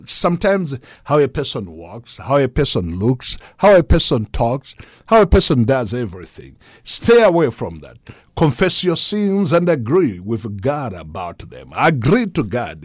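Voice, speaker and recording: Man preaching with a lively rising voice. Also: medium pitch, no echo, studio quality. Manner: emphatic, rising and falling preaching cadence. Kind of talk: sermon.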